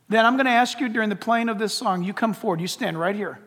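A man's voice: high voice, a little fast, hardly any pauses, fairly bright tone. A man preaching a sermon and giving an altar call, speaking with blunt, earnest and repetitive pleading. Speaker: pastor. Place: church sanctuary. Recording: long reverb of a large hall.

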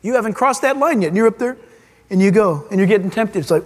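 A pastor preaching a sermon, animated and dramatic, acting out little voices as he teaches. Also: high-pitched, quick pace. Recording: long hall reverb.

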